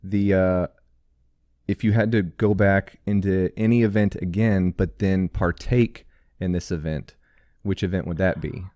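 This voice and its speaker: A man with a fairly low voice co-hosting a casual podcast. The sound is dry and close, with no room around it, and he talks in an easygoing way as he lays out questions. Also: steady tone, a little slow, dark tone, no echo. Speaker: podcast co-host. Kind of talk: casual chat.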